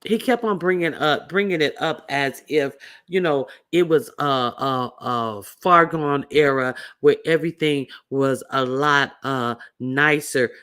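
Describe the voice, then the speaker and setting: Male host, casual political chat, rambling and animated, slightly high-pitched. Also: unhurried, clean tone. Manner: rambling, animated storytelling with filler words.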